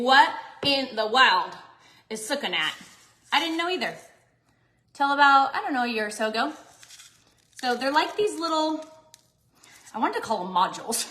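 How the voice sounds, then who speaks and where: A bubbly woman chats her way through a recipe, her high voice bouncing all over the place. She sounds bright and animated, talking straight to her viewers. The sound rings a little in her home kitchen. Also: roomy sound, background noise. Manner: bubbly, chatty, talks to viewers. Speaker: cooking vlogger. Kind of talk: chatty cooking live stream.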